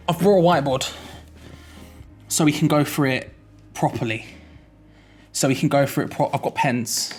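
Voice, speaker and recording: A man's voice: fairly high pitch, slightly rough. A young man giving a jokey, rambling explainer vlog, often correcting himself mid-sentence. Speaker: YouTuber.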